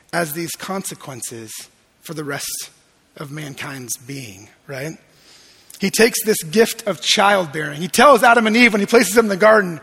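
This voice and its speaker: A man preaching a sermon, animated and often checking in with the room by asking "right?" while acting out quoted lines. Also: sits high, husky, big-room sound. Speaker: pastor.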